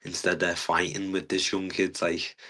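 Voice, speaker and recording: A young man, a fighter talking earnestly in a casual interview, halting often with fillers. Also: low voice, little pitch movement, bright, forceful tone. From England. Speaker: guest fighter.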